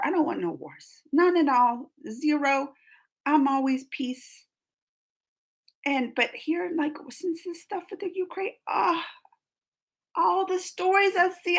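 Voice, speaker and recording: A woman's voice: very high-pitched, vocal fry, fairly bright tone, rough recording. A woman hosting a live stream, chatting casually and emotionally while reading viewer comments, laughing often.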